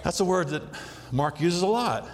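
Male preacher with a high, lively voice, conversational sermon in a big echoing church hall. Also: moderate pace. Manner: animated, conversational, asks the audience questions. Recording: long hall reverb.

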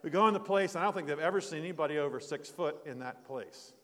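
A man's voice: fairly high pitch, fast talker, a bit bright, in a large hall. An older man preaching a sermon in a folksy, rambling storytelling way, with restarts and asides. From United States.

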